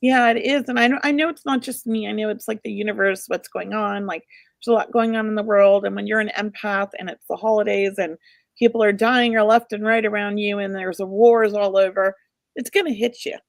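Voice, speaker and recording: Middle-aged woman doing psychic readings, kinda gravelly, dry close sound. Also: medium pitch, steady tone, brisk, no echo. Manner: emotional, warm-hearted, rambling. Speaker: psychic medium co-host. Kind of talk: casual spirit reading.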